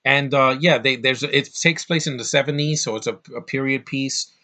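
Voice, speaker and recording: A man's voice: medium pitch, moderate pace, pushed and bright. A man reviewing a movie on his vlog in a rambling, casual way, swearing and getting fired up.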